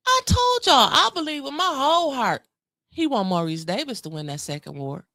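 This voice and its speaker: A woman's voice: on the high side, lively intonation, a little fast, bright, forceful tone, no echo. A middle-aged woman, co-hosting a casual political chat, emphatic and opinionated, repeating lines for stress. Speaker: co-host.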